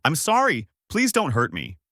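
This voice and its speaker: A man's voice: on the high side, a little slow, a bit bright, no room sound, clean studio sound, voice pushed up. Man putting on a trembling timid boy. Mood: scared. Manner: stammering, yelping. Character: timid young boy, frightened and stammering.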